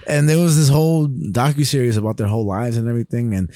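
A man's voice: medium pitch, steady tone, fast talker, mellow, dry recording, studio quality. A man co-hosting a casual podcast, rambling and laughing often, with casual swearing. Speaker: podcast co-host.

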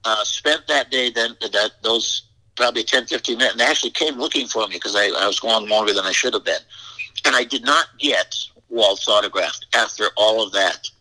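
A man's voice: fairly low pitch, a little fast, sharp tone, low-quality recording. Older man telling a rambling story. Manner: rambling, repeats words, frank asides. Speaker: interview guest. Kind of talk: anecdotal storytelling.

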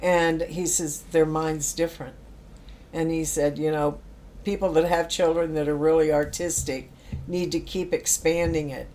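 Middle-aged woman, casual storyteller who acts out quotes, somewhat low voice, animated delivery. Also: a little slow. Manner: animated storyteller acting out quotes, laughs often. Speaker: guest telling stories about work with youth.

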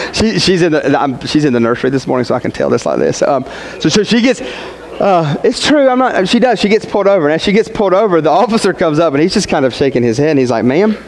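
A man's voice: on the high side, expressive, fast, gravelly, low-quality recording. A young man, a student pastor preaching a sermon through a rambling, folksy personal story full of restarts. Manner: rambling, self-interrupting, folksy.

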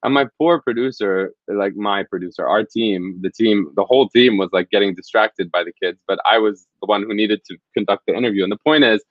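A man's voice: on the low side, fairly quick, hardly any pauses, no echo, lo-fi sound. A man, a field reporter, telling stories in an interview in an earnest, reflective, rambling way. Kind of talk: conversational interview storytelling.

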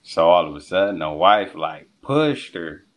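A young man casually telling a story on a podcast, animated and profane, acting out what people said. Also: sits low, a little slow. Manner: animated, acts out quotes, profane. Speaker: podcast guest.

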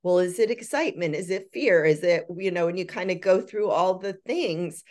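An older woman speaks as a podcast guest, earnest and reflective. Her voice sits low for a woman. She works through her ideas in lists of questions. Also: normal speed, a little mellow. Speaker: guest, boy advocate and parenting educator. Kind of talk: conversational podcast interview.

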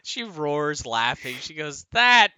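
A man narrating a tabletop game as game master, animated and laughing often. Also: mid-range voice, measured pace, dry recording.

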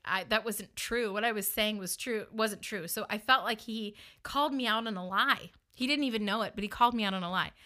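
Bright, animated woman telling a story. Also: on the high side. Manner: animated, self-mocking, acts out dialogue. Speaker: podcast host. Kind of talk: personal storytelling monologue.

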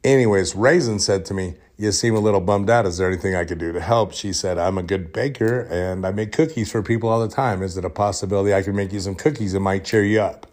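A man hosting a podcast, telling a deadpan workplace story in a casual, joking way and dropping into whispers to act out the scenes. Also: deep voice, quick pace, hardly any pauses. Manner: deadpan, joking storyteller who drops into whispers when retelling. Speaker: podcast host.

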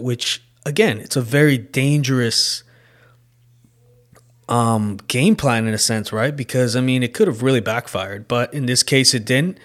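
A man hosting a podcast, recapping a fight in a casual, excitable way, swearing often and trailing off into restarts. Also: mid-range voice. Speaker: podcast host.

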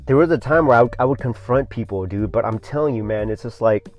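Profane, rambling surfer-bro podcast host. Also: male voice, mid-range voice, fast talker, lo-fi sound, faint music behind. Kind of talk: casual solo podcast monologue.

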